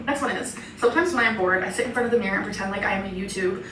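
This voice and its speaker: Reading out viewer confessions on YouTube, a woman talks in a chatty way with giggly asides, her medium-pitched voice very fast. The room is echoey, the mic is distant, and there's a faint hiss.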